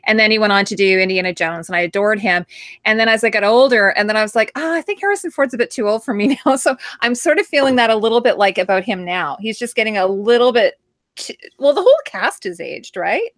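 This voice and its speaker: A woman's voice: mid-range voice, lively intonation, a little fast, fairly bright tone, dry recording, studio quality. A middle-aged woman hosting a casual live-stream chat, laughing often and reading out viewer comments. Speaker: host.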